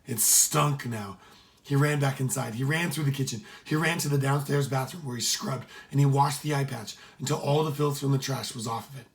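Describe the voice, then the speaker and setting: A man's voice: medium pitch, moderate pace, vocal fry. Man reading a children's story aloud.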